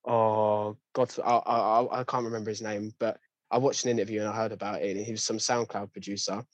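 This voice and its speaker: A young man complains in a loose, slangy chat, stumbling and restarting as he gets worked up. His voice sits low and sounds dry and close to the mic. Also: level tone, a little fast, no echo. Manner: ranting, frequent restarts and slang. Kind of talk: casual chat.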